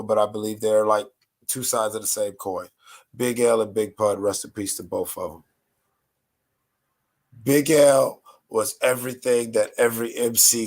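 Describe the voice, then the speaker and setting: A man from North Carolina with a raspy, nasal voice, chatting casually as a podcast host in a laid-back, rambling, slangy way. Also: fairly low pitch. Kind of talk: casual chat.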